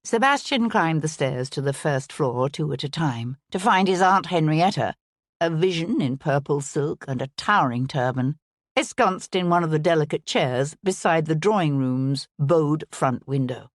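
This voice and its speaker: A woman narrating an audiobook in an even, measured reading style. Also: sits low, dry recording, clean studio sound. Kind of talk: scripted narration.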